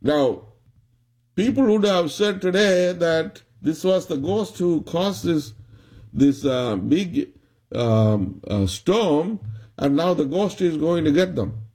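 A man preaching a sermon, retelling a story in a slow, halting way with many restarts. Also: on the high side, animated, a little mellow, slightly rough.

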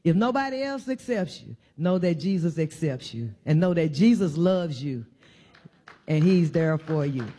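A woman's voice: low-pitched, lively intonation, measured pace, dark tone. A woman giving an informal sermon in a church, preaching conversationally and driving her points home with repeated emphatic phrases. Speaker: church speaker.

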